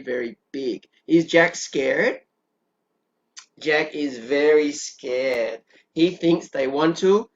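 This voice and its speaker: A kindergarten teacher patiently walks small children through a story and prompts them to repeat words. Her voice is low and she talks very slowly. The recording sounds dull and lo-fi.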